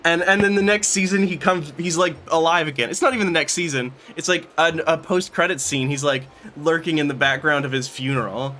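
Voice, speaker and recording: A man's voice: a little high, brisk, few pauses, sharp tone. A man chatting casually on a game stream, rambling and joking about a TV show. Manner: rambling, jokey, tries bad British impressions.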